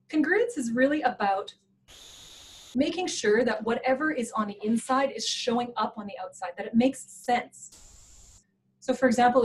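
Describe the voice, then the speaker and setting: Animated woman giving a workshop talk. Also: a little high, slight background noise, low-quality recording. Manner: animated, playful, laughs often. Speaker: presenter.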